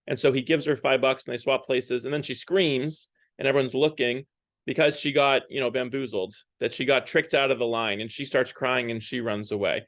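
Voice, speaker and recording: A man speaks at a parish during Lent. He retells a story loosely and conversationally, filling his sentences with ums and likes. His voice sits at an ordinary middle pitch, and the close recording is dry, with no room sound. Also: fairly even intonation, brisk, no echo. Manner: conversational, loose, with many fillers and hedging words.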